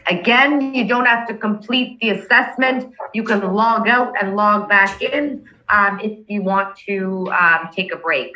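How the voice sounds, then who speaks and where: Bright-voiced woman instructor on a call. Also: medium pitch, muffled recording. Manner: patient step-by-step, checks in with "okay?". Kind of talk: online class walkthrough. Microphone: video call.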